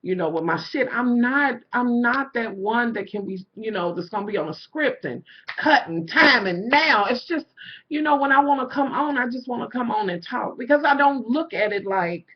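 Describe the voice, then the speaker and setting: A woman's voice: fairly high pitch, lively intonation, moderate pace, breathy edge, dull audio. A middle-aged woman vlogging, ranting candidly to her viewers, swearing freely and saying "you know" often. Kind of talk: casual rant to viewers.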